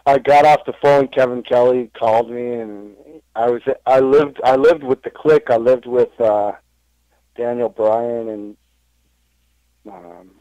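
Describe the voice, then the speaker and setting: A man in a casual podcast interview, rambling and correcting himself as he tells stories. His voice sits at an ordinary middle pitch. The sound is dry and close to the mic. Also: mellow, dry recording, dull audio. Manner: rambling storytelling, full of fillers and self-corrections. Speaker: interview guest, wrestling impressionist.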